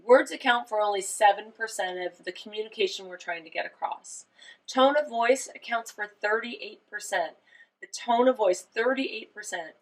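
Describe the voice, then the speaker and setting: A woman's voice: medium pitch, poor audio. Woman giving a coaching lesson. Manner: explanatory, emphatic with rhetorical questions. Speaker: volleyball coach. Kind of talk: instructional presentation.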